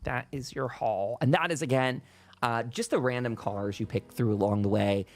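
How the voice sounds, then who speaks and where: A man's voice: mid-range voice, moderate pace. A man narrating a tabletop game as game master, rambling along with many restarts.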